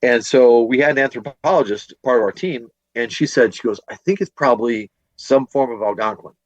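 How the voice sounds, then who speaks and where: Here a man of medium pitch talks a little fast while recounting a long ghost hunt on a podcast, wandering through fillers and false starts. He's a teacher and paranormal investigator from Northwest Indiana, slightly tired from teaching all day. There's no room sound and the highs are cut off.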